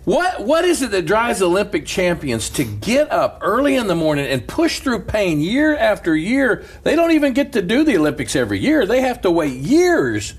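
A man who is a pastor, telling stories in an animated casual chat and laughing through them. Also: sits high, moderate pace, hardly any pauses, slightly rough.

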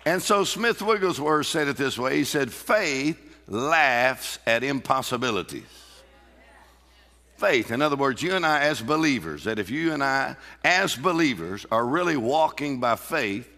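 A man preaching a sermon with exuberant energy, breaking into shouts and bursts of laughter. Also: mid-range voice, lively intonation, a little slow, in a large hall. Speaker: pastor.

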